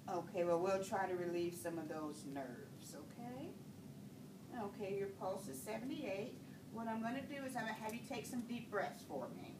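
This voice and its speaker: A woman nursing instructor demonstrating a patient assessment, giving calm step-by-step instructions. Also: medium pitch, moderate pace. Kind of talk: clinical skills demonstration. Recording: echoey room, far from the mic, noisy.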